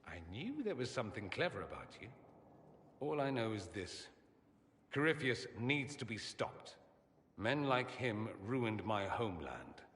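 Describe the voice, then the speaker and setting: A man's voice: medium pitch, big pitch swings, a little slow, fairly bright tone. Sardonic, witty male mage. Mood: wry. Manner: wry, teasing, theatrical. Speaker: game character. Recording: game audio with long reverb.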